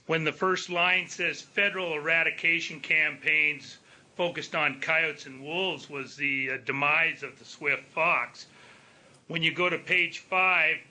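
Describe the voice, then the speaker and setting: A man from Montana giving a measured public comment for a wool growers group into a public meeting, pausing often on fillers. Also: fairly high pitch, pushed and bright. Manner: measured, deliberate, with frequent filler pauses. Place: remote line into a public meeting.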